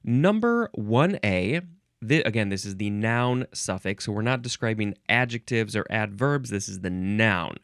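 A man's voice: lowish voice, lively intonation, a little slow, a bit bright, clean tone, no echo, studio quality. A man hosting a casual solo podcast, reading dictionary entries with wry, musing, goofy asides.

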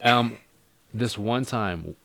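A man's voice: mid-range voice, drawn-out words, vocal fry, fairly bright tone, no room sound. A man in casual chat, telling a rambling, sweary story and acting out what people said. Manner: rambling storyteller, swears a lot, acts out quotes.

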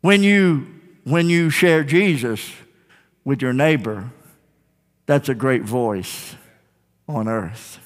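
A male pastor preaching a sermon in a church, emphatic and rising to shouts, calling for responses from the congregation. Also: mid-range voice, takes it slowly, pauses often. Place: church sanctuary. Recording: long hall reverb.

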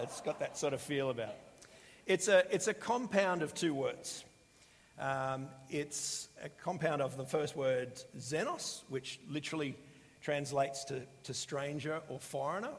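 A man preaches a sermon in an easy, conversational tone, often stopping to fill gaps and restart his phrases. His voice has an ordinary pitch, neither high nor low. It rings out with the long reverb of a large hall. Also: creaky. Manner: conversational, with many fillers and restarts.

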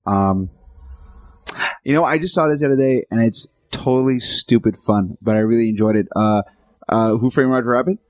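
A man's voice: mid-range voice, normal speed, dry recording, faint music behind. A man co-hosting a casual podcast chat about films, easygoing and playfully arguing back. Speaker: podcast co-host.

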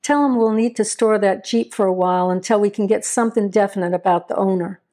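Woman reading stern male sheriff, firm measured orders, mid pitch, storybook. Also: dark tone, natural voice. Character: stern, steady male small-town sheriff.

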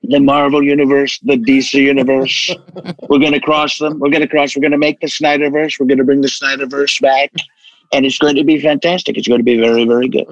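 A man talking casually as an interview guest, animated and full of restarts. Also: medium pitch, brisk, no room sound, dull audio. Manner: animated, stammering restarts, acts out voices. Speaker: impressionist guest.

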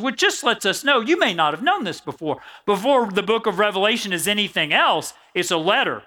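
Animated high-voiced male preacher. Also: brisk, few pauses. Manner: animated, reads scripture aloud, jokes with the congregation. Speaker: pastor. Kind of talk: sermon.

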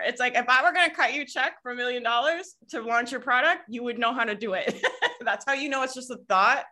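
A woman's voice: a little high, fast, sharp tone. A woman with a Southern US accent coaching a group over a video call, talking casually, swearing now and then and laughing often. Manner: casual, laughs often, swears, quotes people in put-on voices. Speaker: business coach.

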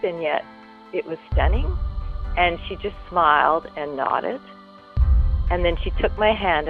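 A man, a guest, telling a personal story in an earnest, reflective way and lingering over his words. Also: a little high. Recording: phone-like line with faint music.

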